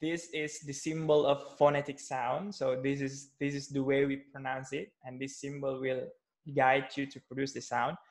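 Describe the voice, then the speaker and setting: A man's voice: medium pitch, level tone, moderate pace. A man teaching English pronunciation in an online class over a video call, patient and hesitant, with many fillers and restarts.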